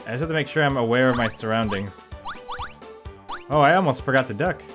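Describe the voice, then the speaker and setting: Guy rambling thru a farming game playthrough, mid pitch, bit of game music faint behind him. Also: fairly quick. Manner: chatty, thinks out loud, rambling asides. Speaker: gameplay YouTuber. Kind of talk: casual let's-play commentary.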